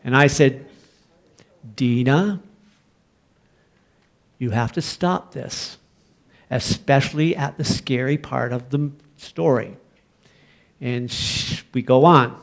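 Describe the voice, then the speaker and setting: A middle-aged man with a Canadian accent delivers a sermon. He moves from a relaxed storytelling tone to loud, emphatic preaching, and his voice sits in an ordinary middle pitch. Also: slow, long pauses. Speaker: pastor.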